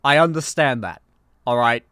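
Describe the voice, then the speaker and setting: A man doing an impression of an older male politician, declaiming loudly and hammering each point. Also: medium pitch, lively intonation, normal speed, no room sound, studio quality. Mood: emphatic.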